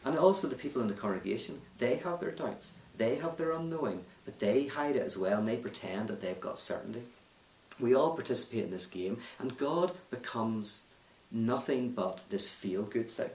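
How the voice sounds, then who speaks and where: A man's voice: lowish voice, animated, moderate pace. A Northern Irish man being interviewed, telling a story and making a challenging, emphatic case. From Northern Ireland. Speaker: speaker and author, interview guest. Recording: roomy, distant mic.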